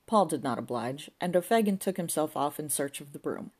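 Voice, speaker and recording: A woman narrating a comic novel as an audiobook, with a dry, deadpan delivery. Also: low-pitched, fairly quick, breathy edge.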